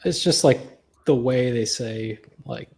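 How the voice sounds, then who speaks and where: A man in a casual chat, relaxed and searching for his words. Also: medium pitch, unhurried, creaky. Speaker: guest.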